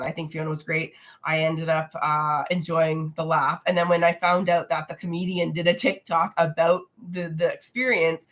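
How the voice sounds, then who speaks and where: Chatty, congested young woman hosting a stream. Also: on the low side. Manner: frank, chatty, reads viewer comments aloud. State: congested, nasal from a recent cold. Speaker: livestream host answering viewer questions. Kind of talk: casual livestream Q&A. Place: at home.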